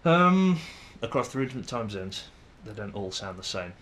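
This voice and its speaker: A man's voice: lowish voice, very animated, normal speed, fairly bright tone. A young Englishman with an English accent, musing to camera in a rambling, hesitant way with many fillers and restarts. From England. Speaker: vlogger.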